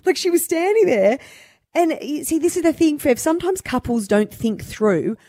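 A woman chats casually as a radio co-host, quick to laugh. Her pitch moves a lot as she talks. The studio sound is dry and close. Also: lively intonation, dark tone, no room sound.

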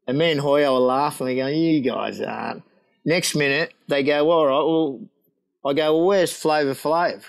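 An Australian man tells stories in a loose, laughing chat, voice sitting a touch high. He swears freely and acts out each quoted line with plenty of swing. The delivery is animated and rowdy. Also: normal speed, smooth, poor audio. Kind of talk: casual storytelling chat.

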